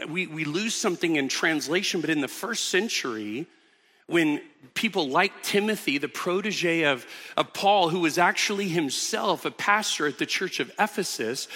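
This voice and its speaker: A man's voice: high voice, pushed and bright, breathy edge, in a large hall. A man preaching a sermon as pastor, teaching earnestly with emphatic repetitions in a church auditorium.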